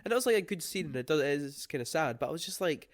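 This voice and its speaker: A man co-hosting a film review chat, animated and exasperated, swearing freely. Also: a little high, very fast. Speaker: film review podcast co-host. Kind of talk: casual chat.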